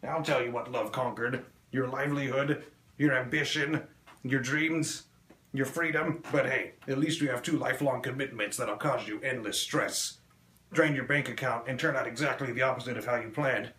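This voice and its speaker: A man doing a crude stand-up comedy set, delivering deadpan one-liners on a small club stage. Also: medium pitch, fairly quick, slight background noise. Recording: echoey room with faint ambience.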